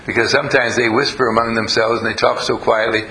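Quick-paced and pushed bright, a man's mid-range voice stays fairly level in pitch as he teaches a live group. He tells stories, asks questions and coaxes the audience along. The low-quality recording carries slight background noise.

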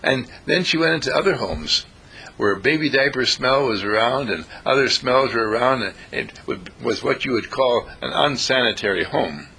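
A man delivers a sermon in a husky, gravelly voice with a bright, sharp edge. His pitch swings widely as he tells stories and slips into the voices of the people in them. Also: normal speed. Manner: animated, acts out characters in the stories. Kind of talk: sermon with storytelling.

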